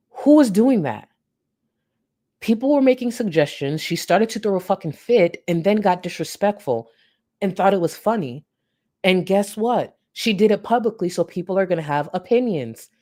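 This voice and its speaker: A woman hosting a live stream, blunt and profane, with a sarcastic edge. Her voice sits a little low for a woman. She moves between crude jabs and sugary mock politeness. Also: dark tone. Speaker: commentary streamer. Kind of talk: casual live-stream commentary.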